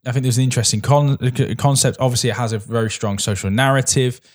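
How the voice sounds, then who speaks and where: A man talking through a film in a casual review chat. He rambles, restarts his sentences and trails off as he searches for the right words. His pitch sits in the ordinary middle for a man. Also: steady tone, fast. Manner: rambling, frequent restarts and hesitations. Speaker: podcast co-host.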